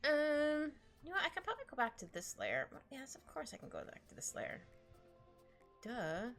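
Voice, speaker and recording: A woman's voice: sits high, huge pitch swings, normal speed, a bit bright. A young woman art streamer chatting casually and giggling while she draws. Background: faint background music.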